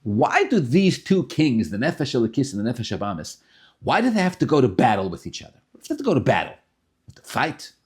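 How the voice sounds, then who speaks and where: A man teaching a Tanya class in an animated way, often repeating himself and restarting phrases. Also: medium pitch, a little fast, husky. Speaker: Torah teacher.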